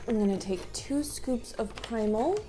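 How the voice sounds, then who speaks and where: A woman's voice: a little high, a little slow, noisy background. A young woman vlogging at home in a chatty, upbeat way with lots of ums. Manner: upbeat, chatty, filler-heavy. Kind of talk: casual vlog chat.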